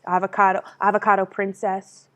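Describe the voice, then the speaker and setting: A woman co-hosting a casual stream, talking at a medium pitch. She brainstorms in an animated, rambling way, tosses in swear words and breaks into laughter. Her delivery is loose and unscripted. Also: fairly quick, dull audio. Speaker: streamer co-host.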